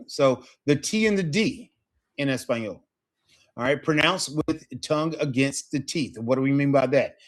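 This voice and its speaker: A man's voice: medium pitch, lively intonation, normal speed. A man teaching a live Spanish lesson, encouraging his student and checking in with frequent questions.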